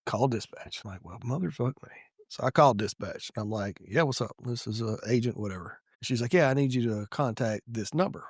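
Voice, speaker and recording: A middle-aged man, a retired police sergeant telling stories in a casual podcast chat, profane and animated. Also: mid-range voice, fairly quick, few pauses, slightly rough, no echo, clean studio sound.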